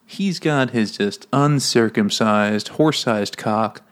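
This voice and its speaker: A podcast co-host with a lowish, clean-toned voice speaks slowly, riffing crudely on a book in casual banter. He jokes around and laughs often as he talks.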